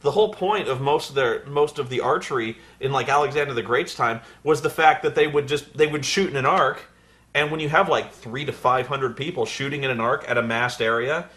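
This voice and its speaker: A man co-hosting a casual chat, rambling and excitable, swearing and laughing often. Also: medium pitch, brisk. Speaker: co-host.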